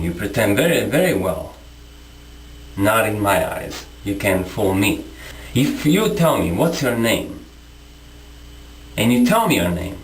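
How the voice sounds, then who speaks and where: Male vlogger, combative rant to camera, lively swinging pitch, echoey room. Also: a little hiss or hum. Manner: confrontational, repetitive, rhetorical questions. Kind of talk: impassioned monologue to camera.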